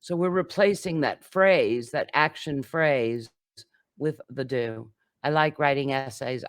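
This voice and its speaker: A man's voice: a little high, measured pace, no room sound, clean studio sound. A man teaching an English grammar lesson, patiently explaining with many examples and occasional fillers.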